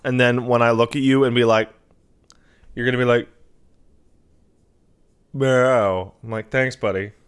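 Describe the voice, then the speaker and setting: A man's voice: medium pitch, flat delivery, a little fast, long pauses, smooth. A man streaming from home on a desk mic, chatting casually to his cat with profane, mock-scolding banter. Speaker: game streamer. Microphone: desk mic on a stand.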